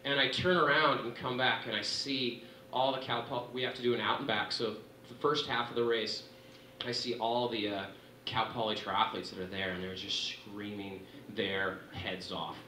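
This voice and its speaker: A young man giving a dinner speech, telling the story of a race in an excited, animated way, his voice climbing when he gets thrilled. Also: on the low side, normal speed, slight background noise. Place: banquet room. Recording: echoey room from far off.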